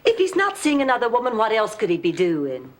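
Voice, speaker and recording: A woman's voice: fairly high pitch, huge pitch swings, brisk, heavy background noise. Flirty man-crazy woman. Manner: breathy, flirty, dramatic. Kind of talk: sitcom acting.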